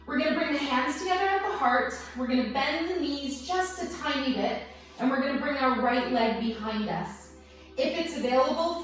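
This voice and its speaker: A woman teaching a guided yoga class, giving gentle, encouraging cues with playful asides, a little out of breath. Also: high-pitched. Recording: very echoey room, voice from a distance, soft music behind.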